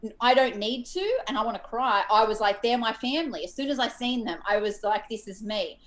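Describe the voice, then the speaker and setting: A woman in her thirties calling in to a live talk show, telling a rambling, animated story full of quoted asides. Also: on the high side, fairly quick. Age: 30s. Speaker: caller. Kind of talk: casual call-in chat.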